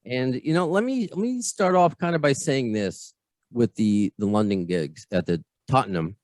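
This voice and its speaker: A man's voice: medium pitch, lively intonation, moderate pace, darkish tone, dry recording. An American man hosting a podcast interview over a video call, chatty and self-deprecating, often repeating his words. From United States. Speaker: podcast host.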